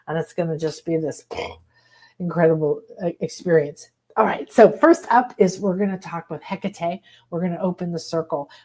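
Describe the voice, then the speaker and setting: A woman hosting a spiritual workshop, talking in a casual, enthusiastic, expressive way and acting out little voices as she teaches. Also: on the low side. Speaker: host leading a spiritual workshop.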